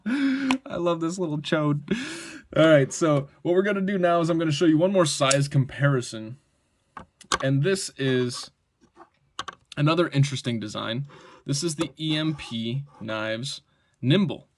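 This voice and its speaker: A man's voice: mid-range voice, normal speed, slight background noise. A man casually reviewing a pocket knife on camera, enthusiastic and rambling, often tagging "right?" and swearing mildly.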